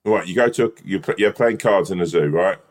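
A man's voice: low-pitched, brisk. A man chatting casually on a podcast, rambling through silly made-up scenarios. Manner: rambling, builds silly hypotheticals. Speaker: podcast co-host. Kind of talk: casual banter.

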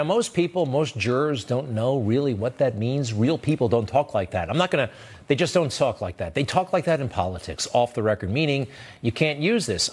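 A man hosting a TV news show, delivering sarcastic, animated commentary that leaps upward in pitch for emphasis. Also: breathy edge. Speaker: TV news host.

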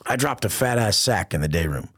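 A man's voice: fairly low pitch, lively intonation, fairly quick, a bit bright, no room sound, studio quality. A man as a podcast guest, telling stories in casual, profane street slang and acting out the people he quotes. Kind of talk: casual storytelling interview.

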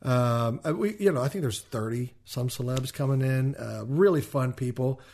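A man's voice: medium pitch, moderate pace, darkish tone. A man co-hosting a podcast in casual chat, rambling with frequent ums and restarts. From Kansas City, USA. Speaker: podcast co-host.

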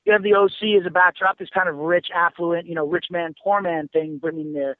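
A man's voice: high-pitched, steady tone, fairly quick, dry recording, narrow, tinny audio. A man who writes and teaches screenwriting, talking casually, rambling and swearing as he tells stories. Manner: profane, rambling storyteller with many fillers. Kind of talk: casual podcast conversation.

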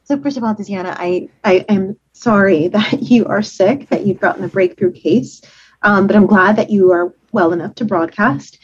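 A woman physician speaking as an expert guest on a radio show, explaining at a measured pace with frequent fillers. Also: mid-range voice, a little hiss or hum. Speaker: infectious disease physician. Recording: dull, lo-fi remote line.

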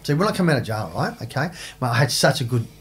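A man's voice: medium pitch, big pitch swings, quick pace, slight background noise. A man, a podcast guest talking bluntly and emphatically, swearing and saying "mate" a lot. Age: 50s. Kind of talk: casual interview chat.

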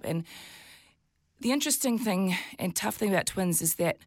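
Kiwi woman guest, forties, husky-edged low voice, lively retelling, dry studio sound. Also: moderate pace, no echo. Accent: New Zealand. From New Zealand. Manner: animated storytelling, jumps high when quoting herself. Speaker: guest, TV presenter and mother of twins. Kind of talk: candid interview chat.

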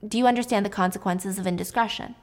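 A woman doing a brisk, clinical doctor. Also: medium pitch, close to an everyday voice. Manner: brisk and formal questioning. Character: clinical doctor reading an applicant file.

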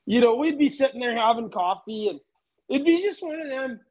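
A man's voice: very high voice, lively intonation, brisk, highs cut off. A man telling a work story in casual chat, laid-back, swearing freely. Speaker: podcast guest.

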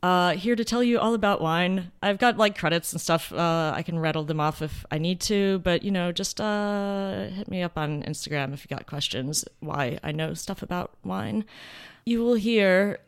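Playful woman podcast host, lowish voice. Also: moderate pace, clean tone. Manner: playful, rambling, self-mocking. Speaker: podcast host and wine expert. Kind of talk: casual chat.

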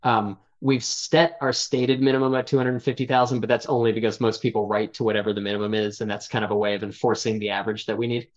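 A man's voice: fairly low pitch, level tone, quick pace, few pauses. A man who co-founded a startup, explaining his work thoughtfully as an interview guest. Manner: thoughtful, explanatory, frequent fillers. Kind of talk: casual interview chat. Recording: slightly dull lo-fi audio.

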